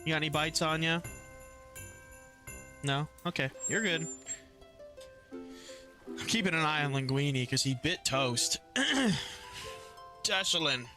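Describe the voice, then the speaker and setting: A man's voice: on the high side, slow, long pauses, faint music behind. A man streaming a game, chatting loosely with viewers, swearing casually and greeting them by name. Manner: soothing coos when calming his pet rats. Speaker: gaming streamer. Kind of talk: casual live-stream chat.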